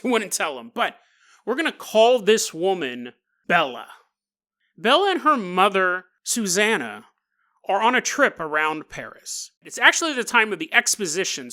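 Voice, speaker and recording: Jokey, animated male podcast host. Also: sits high. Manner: jokey, rambling, laughs often. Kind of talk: comedic storytelling.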